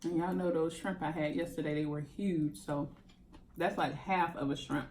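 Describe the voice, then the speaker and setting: A woman's voice: low voice, steady tone, normal speed, a little mellow, a little hiss or hum. A woman hosting a mukbang, chatting casually and laughing while she eats. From Jacksonville, Florida. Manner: chatty, laughs often, talks while eating. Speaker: mukbang channel host. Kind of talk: casual eating chat to camera.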